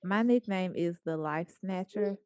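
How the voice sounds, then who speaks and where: A woman speaker telling a story to a small group in a lively, playful way, acting out the lines of the people in it. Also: fairly low pitch, measured pace, no echo, studio quality. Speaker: guest speaker.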